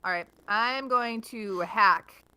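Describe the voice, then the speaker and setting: A woman's voice: medium pitch, slow, pushed and bright, smooth, poor audio. A woman player in a tabletop game, speaking in an unsure, rambling way. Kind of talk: tabletop play.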